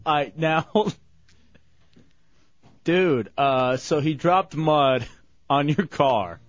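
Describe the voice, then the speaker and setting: A man with a fairly high voice hosting a radio show, teasing and laughing as he reads listener messages. The sound is dry and close, with a dull lo-fi broadcast quality. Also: animated, drawn-out words, no echo. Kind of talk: radio banter.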